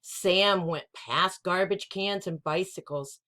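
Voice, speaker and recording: A woman's voice: fairly low pitch, takes it slowly, bright, forceful tone. A woman hosting a children's storytime, reading a picture book aloud.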